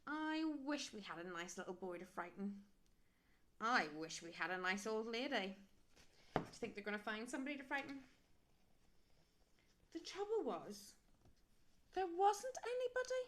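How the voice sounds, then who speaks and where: A woman reads a children's picture book aloud with lots of animation, adding sound effects and asking questions of her young listeners. Her pitch is medium and her pace moderate.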